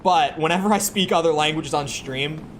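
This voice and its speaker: This young American man's voice runs on the high side at normal speed. He rambles casually with his stream chat, stumbling and repeating words when starting sentences, and background noise is clearly present.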